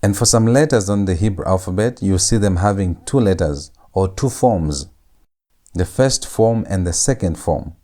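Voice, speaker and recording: A man teaching a language lesson, saying each letter sound over and over in a drawn-out, patient way. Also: deep voice, mellow. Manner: repeats each sound several times, drawn out. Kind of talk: slow lecture on letter pronunciation.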